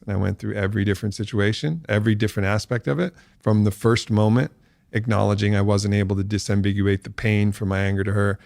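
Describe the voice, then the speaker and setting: A man with a fairly low voice speaks as a podcast guest, recorded close and dry with no room sound. He talks in a reflective, candid way, slows to weigh his words, then turns lively and laughs as his storytelling builds. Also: dry recording. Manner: reflective, animated when telling a story, laughs often.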